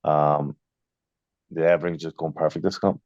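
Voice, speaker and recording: A young boxer in a casual interview, chatty, telling stories with many fillers and restarts. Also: male voice, a bass voice, level tone, moderate pace, darkish tone, no room sound, dull audio.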